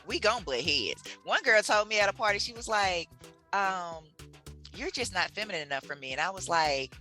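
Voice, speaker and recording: A woman's voice: medium pitch, animated, normal speed, bright, forceful tone, soft background music. A woman with a Southern US accent, a guest author telling stories in a casual chat, acting out voices and laughing often. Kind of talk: animated storytelling in casual chat.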